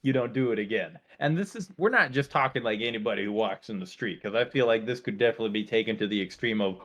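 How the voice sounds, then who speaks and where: A young man co-hosting a casual podcast, telling stories in an animated, playful way and slipping into silly voices. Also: medium pitch, fast talker, few pauses. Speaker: podcast co-host. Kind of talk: casual chat.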